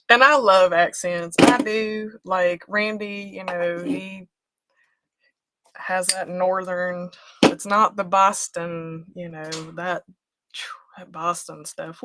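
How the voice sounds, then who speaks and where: A woman's voice: fairly low pitch, slow pace, background noise. A woman from West Virginia with an Appalachian accent, a craft host chatting casually and folksily while she works, laughing often.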